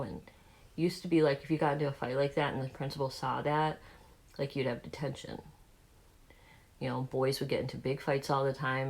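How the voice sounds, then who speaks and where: This woman's voice rumbles low with vocal fry. She's a beauty vlogger in her forties who speaks with a Southern accent, chatting candidly and rambling through fillers as she applies her makeup.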